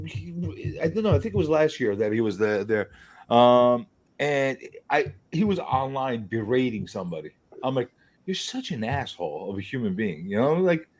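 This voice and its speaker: A man's voice: fairly high pitch, a little mellow, slightly rough. Profane, heated man telling a story. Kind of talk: casual chat.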